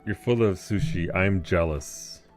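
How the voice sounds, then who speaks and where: A man's voice: sits low, unhurried, faint music behind. A man casually chatting with his viewers during a game livestream, joking and swearing freely. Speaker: streamer.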